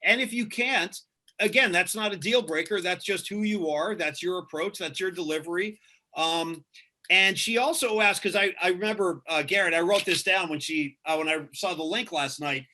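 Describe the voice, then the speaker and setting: A man's voice: high-pitched, moderate pace, bright, forceful tone. A man who works as a radio host, answering interview questions in an earnest, casual way and often repeating himself for emphasis.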